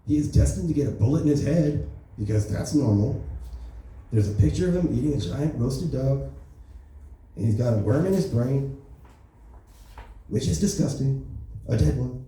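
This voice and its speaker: At a comedy club open mic, a man does a brash, bragging, rambling impression of an older male president. His natural voice is mid-range and mellow, animated, at a moderate pace with frequent pauses, picked up by a distant mic in an echoey room.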